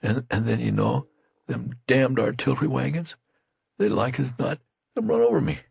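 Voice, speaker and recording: A man voicing a tall wounded male soldier who speaks in a dazed, halting, monotonous way. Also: low voice, no room sound, clean studio sound. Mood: frightened.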